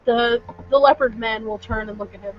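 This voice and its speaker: A woman acting as game master, setting scenes at an unhurried pace as she narrates a tabletop game. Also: a little high, fairly even intonation. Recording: muffled lo-fi recording with faint noise.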